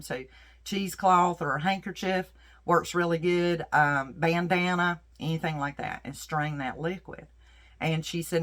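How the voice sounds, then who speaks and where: A woman's voice: sits low, measured pace, fairly bright tone. A middle-aged woman herbalist telling a personal story in a folksy, earnest, faith-filled way.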